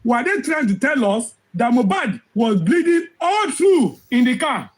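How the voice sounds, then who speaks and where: A man delivers impassioned commentary, his voice unusually high for a man. He is hoarse, as if losing his voice. He hammers his points with rhetorical questions and repeated phrases, recorded close to the mic. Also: sing-song, unhurried, low-quality recording. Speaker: social commentator.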